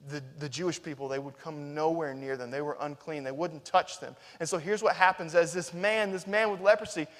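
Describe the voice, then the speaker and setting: A man preaching a sermon, swinging between loud, emphatic stretches and hushed, tender ones. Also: fairly high pitch. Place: church sanctuary. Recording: reverberant church hall.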